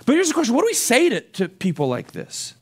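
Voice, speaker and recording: A male pastor preaching a sermon, lively and animated, often repeating words as he restarts. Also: very high voice, quick pace, breathy edge.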